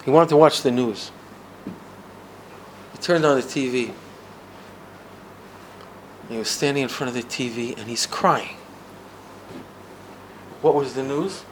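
An older man from the United States telling a personal story, swinging between loud bursts and hushed asides. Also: medium pitch, a little hiss or hum.

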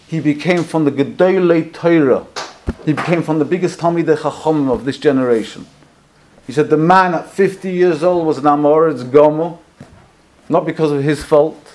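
A man preaching as he tells a story, swinging between hushed asides and loud, emotional peaks. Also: a little high. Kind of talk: storytelling sermon.

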